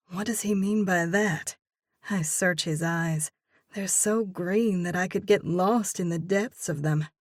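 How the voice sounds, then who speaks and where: A woman's voice: lowish voice, a little slow, no echo, clean studio sound. A woman narrating a first-person romance audiobook expressively, voicing the heroine's own lines as she goes. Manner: expressive, reads in character as heroine.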